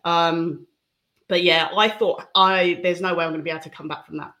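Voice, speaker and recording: A woman speaking candidly and reflectively as an interview guest, giving a personal testimony with soft laughs. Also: on the low side, steady tone, fairly quick.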